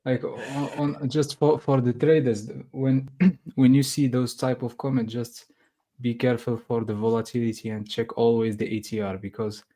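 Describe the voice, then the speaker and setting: Mellow-voiced man, halting speech. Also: mid-range voice, flat delivery. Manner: halting, searching for words. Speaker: trading coach. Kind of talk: casual live-stream chat.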